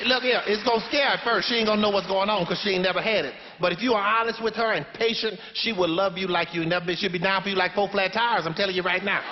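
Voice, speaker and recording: On a theater stage before a live audience, a man plays a sassy, preachy older grandmother, delivering blunt, folksy, sermon-like life advice in a monologue. His voice sits high and sounds natural. The live recording is dull and reverberant, with a little hiss or hum.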